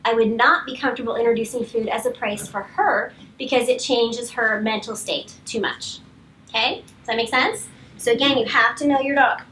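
High-voiced woman trainer, heard from off the mic. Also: moderate pace, recorded from a distance, slight background noise, poor audio. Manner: calm, firm commands to dogs mixed with explanation. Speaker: dog trainer. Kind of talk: live training demonstration.

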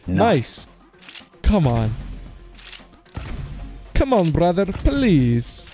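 A young man in his twenties giving excitable, casual commentary as he plays an online slot, groaning at losses and shouting at wins. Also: sits high. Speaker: slot streamer.

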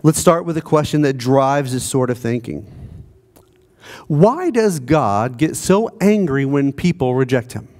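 A pastor preaching a sermon in a conversational way, asking the congregation rhetorical questions. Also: male voice, mid-range voice, very animated, unhurried, a little mellow. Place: church.

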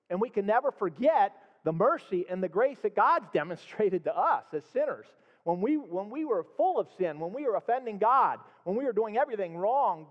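High-voiced pastor preaching in a reverberant church. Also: male voice. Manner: reads scripture aloud with rising emphasis, then explains it. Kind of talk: sermon. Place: church sanctuary. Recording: dull sound with long hall reverb.

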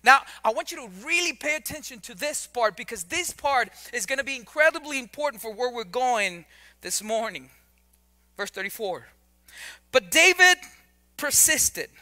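A man's voice: very high-pitched, lively intonation, normal speed, pushed and bright. A male pastor preaching a sermon in a conversational way, often repeating words and adding joking asides.

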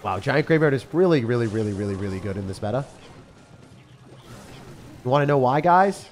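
A young man giving live commentary on his game as a streamer, swinging between loud outbursts and low muttering. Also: expressive, fairly quick. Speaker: gaming streamer. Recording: faint music behind voice.

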